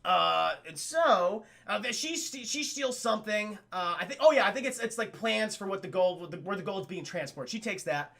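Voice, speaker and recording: A young man casually recapping a film on a live stream, excitable and profane, constantly talking to his chat. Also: high-pitched, moderate pace, gravelly, hardly any pauses.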